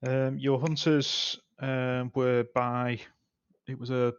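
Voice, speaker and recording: A man's voice: mid-range voice, flat delivery, slow pace, clean tone, no room sound. A man playing a tabletop game, speaking hesitantly with many fillers. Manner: hesitant, filler-heavy speech. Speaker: player. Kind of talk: tabletop role-play. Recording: dull, dry lo-fi sound.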